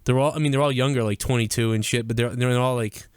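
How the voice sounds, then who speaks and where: A man's voice: mid-range voice, steady tone, fast, a little mellow, smooth, no room sound, clean studio sound. A man co-hosting a live-streamed podcast in casual, crude banter, from the US Northeast. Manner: crude, profane, laughing banter. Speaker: podcast co-host.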